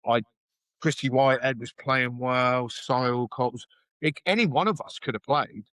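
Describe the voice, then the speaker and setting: Captured in a dry, low-quality recording, a middle-aged former rugby hooker talks at normal speed in a slightly bright, medium-pitched voice. As a podcast guest he shares candid, casual stories, swearing freely and performing what others said.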